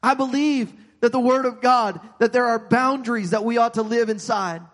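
A man's voice: extremely high pitch, normal speed, long reverb tail. A man preaching a sermon as pastor, earnest, often repeating and restarting his words.

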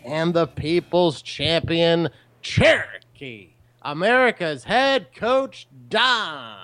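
A man presents a podcast with a joking, playful delivery. His voice is slightly high and moves around a lot in pitch. Faint music plays in the background. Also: animated, slow pace, a bit bright, no room sound. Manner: joking, playful show introducer. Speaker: podcast co-host. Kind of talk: casual chat.

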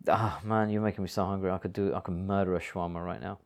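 A man's voice: sits low, steady tone, fast talker, a little mellow. Brief: male podcast host riffing loosely over a film, jokey and foul-mouthed. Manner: chatty, joking, swears freely. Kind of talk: casual film commentary chat.

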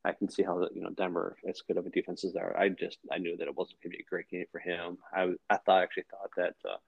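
A man's voice: low voice, flat delivery, quick pace, gravelly, slightly rough, dry recording, muffled recording. A man in his thirties co-hosting a fantasy football podcast, rambling in casual chat with lots of fillers and swearing.

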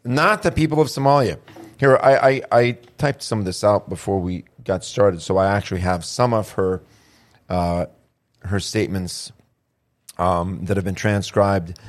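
A man's voice: low voice, steady tone. A man hosting a political talk podcast in a studio, reading quotes aloud and often stopping to restart. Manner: reads quotes aloud haltingly, frequent restarts. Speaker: host.

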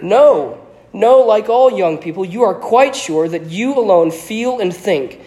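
A man reads aloud as a sly, haughty ghostly professor trapped in a painting, drawling smoothly and lazily with open condescension. His voice sits a little high and he lectures the boy with scorn, all in a storybook reading. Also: expressive, moderate pace, darkish tone, lightly acted. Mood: scornful lecture. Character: sly, haughty dead male professor in a portrait.

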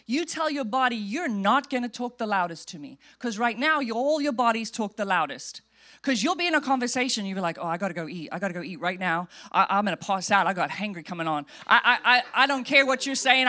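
A woman pastor preaching in a lively, conversational way. Her voice sits a little high, and she drops into quick playful impressions of people in the pews. She sounds like a middle-aged speaker who mixes humor with firm instruction. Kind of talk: sermon.

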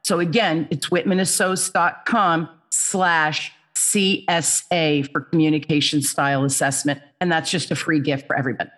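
A middle-aged woman, a guest on a podcast, telling a story in an animated, expressive way. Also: low voice, moderate pace, hardly any pauses. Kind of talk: storytelling in an interview.

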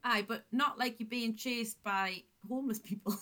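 A woman co-hosting a casual podcast chat, teasing and quick to laugh. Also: on the high side, a bit bright. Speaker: podcast co-host.

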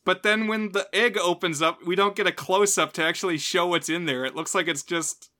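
Bright-voiced man laughing through film chat. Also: high voice, a little fast. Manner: animated, laughs often mid-sentence. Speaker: podcast co-host. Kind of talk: casual film review chat.

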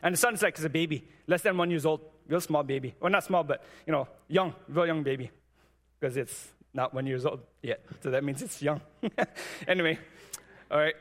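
A man preaching and sharing a testimony, talking in a halting way with many restarts and repeated words, and earnestly urging his listeners on. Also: fairly high pitch, fairly bright tone. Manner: earnest and exhortative. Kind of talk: sermon with personal testimony. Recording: long reverb, as in a hall.

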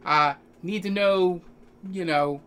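A man's voice: high-pitched, slow pace, a bit bright, clean tone, voice pushed up. A man voicing a tall, friendly half-elf hotel desk clerk who talks in an easygoing, hesitant way. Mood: casual helpful.

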